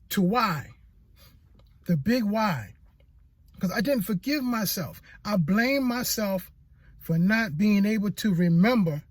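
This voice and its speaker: A man's voice: high voice, dry recording. A motivational speaker sharing a personal testimony in an earnest, repetitive way, stammering when he gets emotional. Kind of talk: personal testimony talk to camera.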